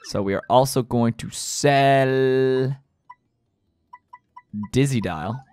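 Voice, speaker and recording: A man's voice: medium pitch, very slow, darkish tone, a little hiss or hum. A young man chatting casually while playing through a video game. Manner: chatty, gushing, laughs easily. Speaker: let's play host.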